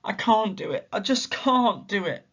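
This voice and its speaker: Man playing a scared storybook boy, plaintive, high, close to giving up. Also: lively intonation, a little slow, creaky, a bit bright, dull audio, exaggerated voice. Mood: defeated. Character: frightened young boy, worn out and doubting.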